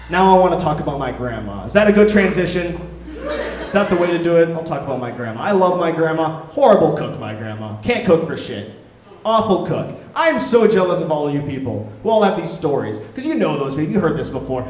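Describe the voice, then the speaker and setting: A man's voice: fairly high pitch, very animated, a little fast, slight background noise. A man in his twenties doing a self-deprecating stand-up comedy set on a club stage, rambling with hesitant fillers. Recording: roomy club, from far off the mic.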